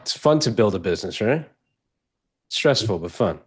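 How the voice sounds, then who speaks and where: A man's voice: lowish voice, expressive, moderate pace. A man chatting casually as a podcast co-host, chiming in with dry, teasing remarks. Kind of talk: casual chat.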